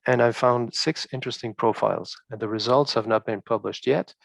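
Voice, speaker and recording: A male researcher presenting study results in a halting way, with many fillers and restarts. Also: mid-range voice, creaky, dry recording.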